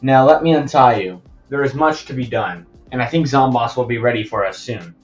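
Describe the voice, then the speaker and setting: A man's voice: medium pitch, a little fast, echoey room, lo-fi sound, soft background music, lightly acted. A man voicing a smug undead schemer. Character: scheming undead male villain.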